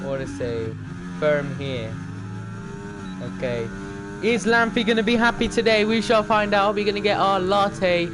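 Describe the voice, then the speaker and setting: Excitable young man calling a racing game. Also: high voice, normal speed, noisy background. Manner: excitable, talks to the other drivers. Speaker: streamer. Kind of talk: live racing game commentary.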